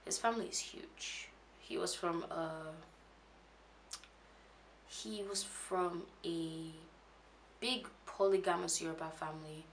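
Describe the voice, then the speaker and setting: Low gravelly-voiced woman recounting haltingly. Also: fairly even intonation, slight background noise. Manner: halting, with many restarts and fillers. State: emotional, shaken when recalling. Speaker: vlogger. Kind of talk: personal confessional story.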